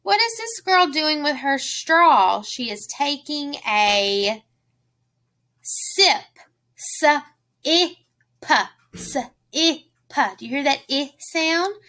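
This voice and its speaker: A woman with a high, bright voice teaches young children phonics. She talks very slowly and sounds out each letter with care. She asks the listener easy questions along the way. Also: very animated. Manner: slow, clearly sounds out letters and words.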